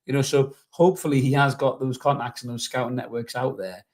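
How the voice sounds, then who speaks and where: A man's voice: medium pitch, steady tone, fairly quick, darkish tone. A man hosting a casual fan podcast, rambling and reading out viewer messages, with lots of "you know". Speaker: podcast host.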